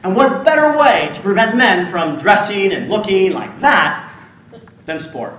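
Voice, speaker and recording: High-voiced man lecturing in echoey hall. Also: lively intonation, measured pace, distant mic, background noise. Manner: storytelling, emphatic, with pointed humor. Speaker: university lecturer. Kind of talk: public lecture.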